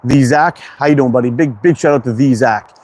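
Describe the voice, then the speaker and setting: A Canadian man with a Quebec accent runs a casual slingshot livestream out in the cold wind, greeting chat viewers by reading their names and swearing offhandedly in a relaxed, friendly manner. His medium-pitched voice moves a little fast and sounds somewhat mellow, with wind and outdoor ambience behind it.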